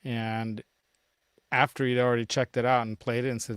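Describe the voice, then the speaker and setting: A man's voice: mid-range voice, normal speed, pauses often, smooth, no room sound. A middle-aged man hosting a casual livestream from his home studio, rambling with a lot of fillers and chuckles. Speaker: show host.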